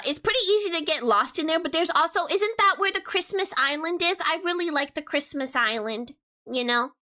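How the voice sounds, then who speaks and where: A woman with a high, childlike voice chats casually on a live stream, reading out messages and answering them. She sounds bright and crisp, playful and teasing in her asides.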